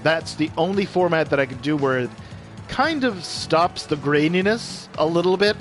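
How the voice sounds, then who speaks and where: A man's voice: fairly high pitch, expressive, normal speed. A man hosting a gameplay video, chatting to viewers in a rambling way and doing mock play-by-play as he plays. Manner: rambling and chatty, talking to viewers while playing. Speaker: gaming video host. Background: faint game audio and music.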